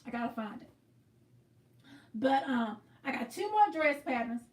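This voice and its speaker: A woman's voice: high-pitched, sing-song, unhurried, echoey room, far from the mic. Chatty woman livestreaming her quilting. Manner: chatty, greets viewers by name, explains as she works. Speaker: livestream host. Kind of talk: casual livestream chat while quilting.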